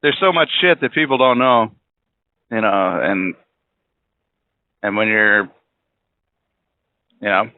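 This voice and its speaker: A man's voice: fairly low pitch, animated, slow pace, long pauses, a little hiss or hum. Profane rambling man on a tinny line. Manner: rambling, profane, blunt opinions. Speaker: podcast host. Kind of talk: casual monologue. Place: driving in a car. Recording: tinny phone-like audio.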